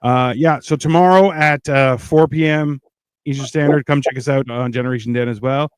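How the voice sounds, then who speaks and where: A man's voice: mid-range voice, fairly even intonation, moderate pace, clean tone, no echo, clean studio sound. A man hosting a casual podcast who reads out viewer comments in a laid-back, wry, rambling way. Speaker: podcast host. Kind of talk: casual chat reading live comments.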